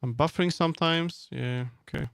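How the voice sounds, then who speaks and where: A man's voice: on the high side, fairly quick, gravelly, fairly bright tone, smooth, dry recording, studio quality. A man streaming live, chatting casually and muttering to himself as he troubleshoots. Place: home streaming setup.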